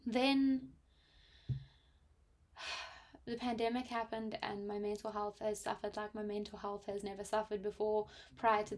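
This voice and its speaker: A woman in her twenties with a South African accent, telling a personal story reflectively, with frequent pauses and fillers. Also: medium pitch. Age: 20s. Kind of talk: personal testimony.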